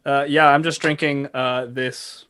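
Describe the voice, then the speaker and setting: A man's voice: medium pitch, little pitch movement, unhurried, sharp tone, clean tone. A man hosting a podcast, upbeat and laughing a lot in casual chat. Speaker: podcast host.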